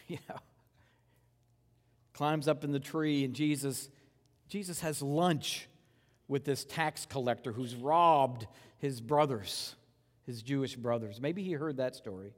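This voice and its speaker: A man preaching a sermon in a conversational way, moving between loud rhetorical questions and hushed, slow reverent passages. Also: mid-range voice, in a large hall. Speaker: pastor.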